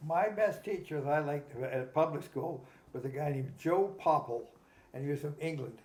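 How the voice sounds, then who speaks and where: A man from Canada, casually telling animated stories and acting out the quotes. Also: a little high, normal speed. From Nanaimo, Canada. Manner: animated anecdotes, acts out quotes. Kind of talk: casual storytelling. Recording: roomy echo.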